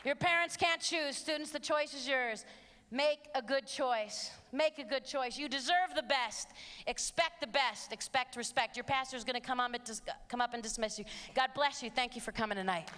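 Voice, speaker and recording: A woman giving an impassioned, emphatic motivational talk to teens, swinging between loud and hushed passages. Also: high voice, a little fast, some chatter behind. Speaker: youth abstinence speaker. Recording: long hall reverb, faint audience.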